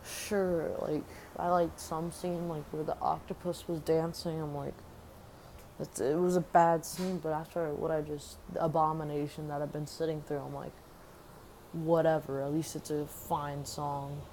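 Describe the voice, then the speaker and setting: A young woman with a low, mellow voice rants about movies she disliked. She talks in a loose, rambling way, piling up "like" and slipping into mocking impressions with sarcasm. A faint hiss of noise sits under her voice. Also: flat delivery, moderate pace, rough recording. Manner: mocks movie characters in exaggerated voices. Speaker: movie reviewer. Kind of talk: casual movie review rant.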